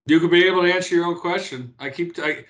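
Animated man in his fifties, higher voice. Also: quick pace, muffled recording. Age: 50s. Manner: animated storyteller, repeats and restarts often. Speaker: interview guest, former pro athlete. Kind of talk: casual interview talk.

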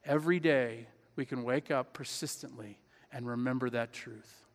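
A man's voice: medium pitch, normal speed. A pastor preaching a sermon in his church, earnest and emphatic, repeating key phrases. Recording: long hall reverb.

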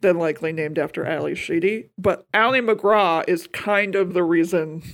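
A young woman chatting casually on a podcast, her voice full of vocal fry. She talks in loose run-on stories stitched with "like" and the odd curse. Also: lowish voice, normal speed. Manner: chatty, swearing, many "like" fillers. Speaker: podcast co-host. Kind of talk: casual chat.

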